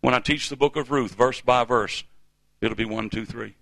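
Gravelly emphatic preacher man in his fifties. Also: mid-range voice, normal speed, a bit bright, dry recording. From United States. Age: 50s. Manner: emphatic call-and-response preaching. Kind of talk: sermon. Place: church.

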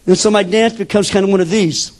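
An older man preaching a sermon as a pastor, telling stories with sudden shifts between loud bursts and hushed asides. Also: high voice, steady tone, fast, a little hiss or hum.

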